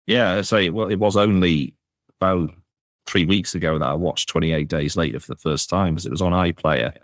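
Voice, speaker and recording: A man hosting a podcast, asking questions in a measured, slightly hesitant way with trailing "sort of"s. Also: deep voice, no room sound, clean studio sound. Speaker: podcast host. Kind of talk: interviewing a guest.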